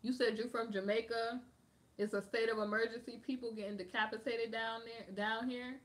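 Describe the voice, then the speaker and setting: A woman from the United States speaks at normal speed in a steady, high-leaning voice. Hosting a livestream, she chats casually, answers comments from viewers and meanders between topics, often saying "like."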